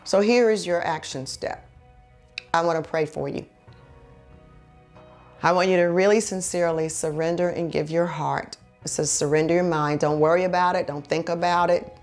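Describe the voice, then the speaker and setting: A woman's voice: lowish voice, steady tone, normal speed, darkish tone, soft background music. A woman preaching a heartfelt sermon, telling her own story and then leading a prayer in an earnest, exhorting way.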